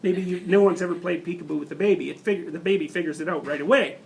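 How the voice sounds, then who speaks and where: A man in his fifties giving a university lecture to students, animated, laughing often and restarting sentences as he digresses. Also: sits high, quick pace, gravelly. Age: 50s.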